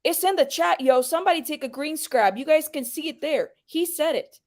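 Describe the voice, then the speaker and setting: A woman's voice: high voice, a little fast, a little mellow. A woman hosting a livestream, heatedly confronting a viewer in her chat and pressing him to come on and explain himself. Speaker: livestream host.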